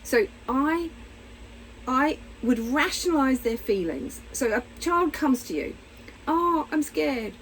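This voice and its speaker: A middle-aged woman therapist talking casually and bluntly to camera, candid and animated. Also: high voice, slow pace, slight background noise, poor audio. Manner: candid, blunt, animated, acts out little voices. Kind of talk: casual explanatory talk to camera.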